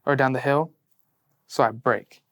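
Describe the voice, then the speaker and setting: A young man in his late teens, just out of high school, earnestly telling his personal faith story in an interview, full of "like" and moving between hushed and excited tellings. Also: measured pace. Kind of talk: personal testimony in a sit-down interview.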